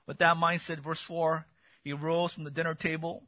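A man preaching an expository sermon as pastor, swinging from loud emphatic bursts to quiet intimate asides. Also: a little high, flat delivery, moderate pace, no echo, dull audio.

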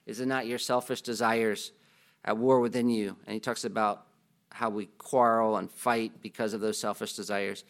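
A man's voice: on the low side, flat delivery, normal speed. A man preaching a sermon as pastor, in a conversational way, asking the congregation questions and adding joking asides.

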